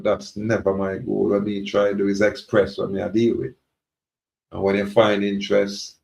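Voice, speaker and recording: A man's voice: deep voice, gravelly, warm tone. A man with a Jamaican accent giving a defiant, preachy, rambling monologue to his viewers. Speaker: self-styled sovereign speaking to viewers. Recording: roomy, dull lo-fi recording.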